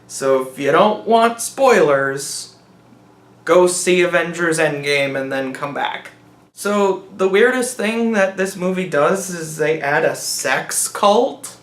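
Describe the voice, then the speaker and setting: A man's voice: fairly high pitch, takes it slowly. A man giving a sarcastic, rambling movie review, mocking the film as he goes. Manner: rambling, mocking, acts out characters in silly voices. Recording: roomy echo.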